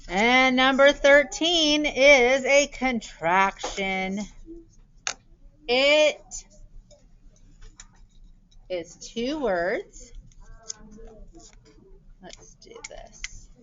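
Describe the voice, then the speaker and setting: Slow, clear-speaking woman teacher. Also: sits high, fairly bright tone. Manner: slow, clearly sounded-out words. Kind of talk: spelling lesson for young children. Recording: dull lo-fi recording.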